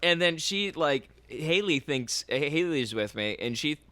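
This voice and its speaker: A man's voice: a little high, expressive, unhurried, sharp tone, no room sound. A man co-hosting a comedy podcast, telling a rambling story in casual chat.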